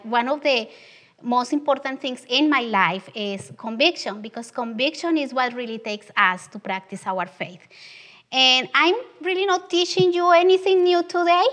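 A woman's voice: high-pitched, fairly bright tone. Woman preaching with a Spanish accent. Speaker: guest preacher. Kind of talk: sermon. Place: small church.

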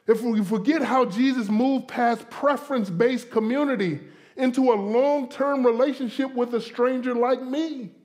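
High-voiced man preaching animatedly. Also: moderate pace. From Florida. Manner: animated, conversational preaching with playful asides and acted-out inner voices. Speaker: pastor. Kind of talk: sermon.

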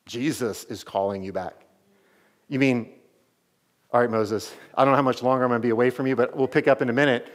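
A man's voice: mid-range voice, steady tone, a little fast, long reverb tail, close to an everyday voice. A man voicing a dead man in a sermon story who is called back from eternity and answers casually. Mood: puzzled.

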